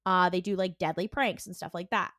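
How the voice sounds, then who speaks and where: A woman co-hosting a podcast, casually recapping a TV episode and acting out the characters' lines in quick voices, with a lot of "like". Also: lowish voice, fairly even intonation, fairly bright tone, no echo, studio quality. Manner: heavy use of "like" and "and he's like". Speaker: podcast co-host.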